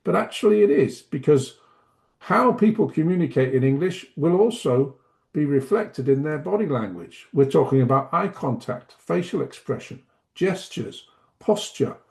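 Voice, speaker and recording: A middle-aged man giving a teaching webinar, speaking deliberately and demonstrating pace and emphasis as he explains. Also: a little high, lively intonation, vocal fry, darkish tone. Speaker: webinar presenter, language teacher trainer.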